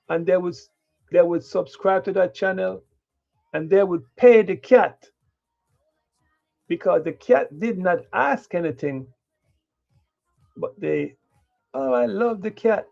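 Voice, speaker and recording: A man's voice: high voice, vocal fry, darkish tone. A man ranting bluntly in a livestream monologue, with unfiltered cursing and a preachy, moralizing tone. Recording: dull lo-fi stream with faint music.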